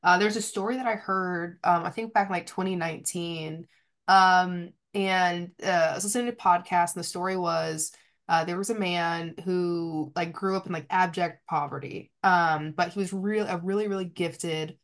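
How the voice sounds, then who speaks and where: A woman's voice: lowish voice, steady tone, normal speed. A woman hosting a casual podcast chat, talking in a rambling way full of "like" and "um". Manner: rambling, many fillers, softly spoken asides.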